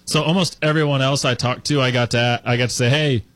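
A man co-hosting a sports radio show, telling a story in a chatty, animated way with lots of fillers. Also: medium pitch, brisk, no room sound. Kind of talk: casual sports talk.

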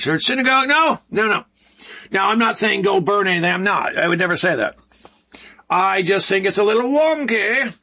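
A man's voice: high-pitched, bright, forceful tone. A man in his sixties hosting an opinionated news commentary, rambling and sarcastic. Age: 60s. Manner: sarcastic, rambling, mock voices for quoted people. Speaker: commentary show host.

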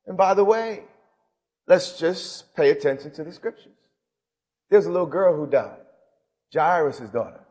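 Dramatic preacher in a reverberant hall. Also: male voice, sits high, moderate pace, long pauses. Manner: dramatic, swings between loud and hushed. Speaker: bishop and preacher. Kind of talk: sermon. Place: large hall with audience. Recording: live sermon in a reverberant hall.

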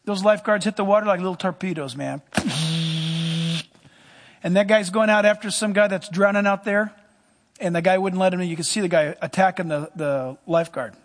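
High-voiced man preaching in a reverberant hall. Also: brisk. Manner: emphatic storytelling, pitch swings high and low. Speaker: pastor. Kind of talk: sermon.

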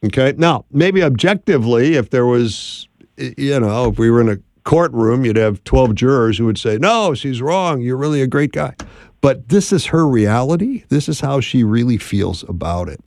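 A man's voice: medium pitch, darkish tone, no room sound, clean studio sound. A man hosting a call-in advice radio show, upbeat and encouraging, speaking plainly to callers.

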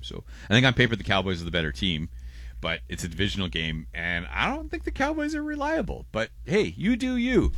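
A man's voice: on the low side, a bit bright, dry recording. A man co-hosting a casual radio show, reading listener messages with a rambling, stammering delivery and frequent laughs.

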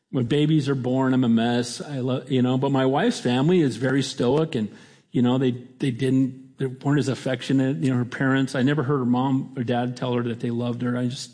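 A man's voice: medium pitch, steady tone, moderate pace, dark tone. A middle-aged male pastor preaching a sermon in a conversational way, often restarting his sentences.

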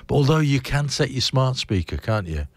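A man's voice: medium pitch, big pitch swings, normal speed, no echo. A man presenting a morning radio show, rambling casually with chuckles and self-mocking asides. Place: radio studio.

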